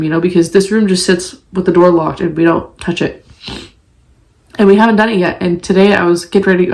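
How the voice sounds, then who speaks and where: A young woman and mother talking candidly and haltingly to camera, full of fillers and restarts, in a confessional vlog chat. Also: medium pitch, darkish tone. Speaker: vlogger and young mom.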